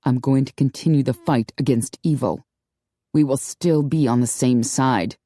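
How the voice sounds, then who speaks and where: A woman voicing a steady young male hunter who speaks in a controlled, earnest way, in an audiobook. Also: medium pitch, normal speed, no echo, voice pushed down, close to an everyday voice. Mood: resolute. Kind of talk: audiobook character voice.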